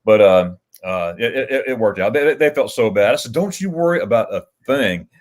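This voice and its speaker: A man's voice: lowish voice, lively intonation, normal speed. Guy hosting a livestream, rambling along, laughs a lot, keeps restarting his sentences. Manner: rambling storyteller with frequent restarts and chuckles. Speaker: livestream host. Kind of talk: casual livestream chat.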